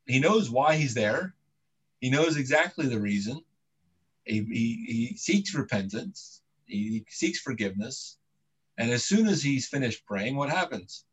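Male preacher, mid-pitched, chatty sermon storyteller with frequent asides. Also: fairly bright tone, rough recording. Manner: casual, conversational retelling with restarts and asides.

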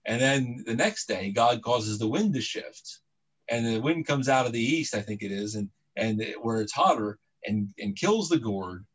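A man's voice: medium pitch, animated, moderate pace, rough recording. A man preaching a sermon, retelling the story in a casual, conversational way with asides and restarts.

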